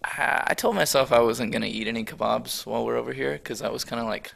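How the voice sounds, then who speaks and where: A man's voice: mid-range voice, quick pace, creaky, faint music behind. A young man from San Diego chatting casually and joking with a bandmate during a question round. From San Diego, USA. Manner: relaxed, joking banter. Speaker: band member answering questions. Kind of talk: casual chat.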